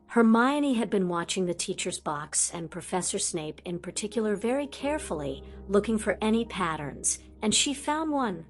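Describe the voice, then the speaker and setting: A woman reading a fantasy audiobook aloud in a lively storytelling manner. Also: mid-range voice, normal speed, hardly any pauses, faint music behind. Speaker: audiobook narrator. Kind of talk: scripted audiobook narration.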